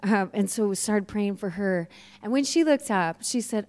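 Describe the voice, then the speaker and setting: A woman preaching a sermon, telling personal stories in a lively way and laughing often. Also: medium pitch, moderate pace, few pauses. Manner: lively storytelling, laughs often, acts out quoted voices. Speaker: guest preacher.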